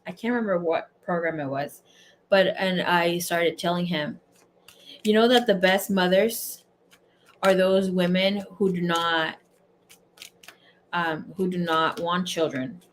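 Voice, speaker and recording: A woman hosting a casual tarot livestream, telling stories to her viewers in a chatty, animated way, laughing often and swearing freely. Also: on the low side, a little slow, long pauses, slight background noise. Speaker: tarot reader and livestream host.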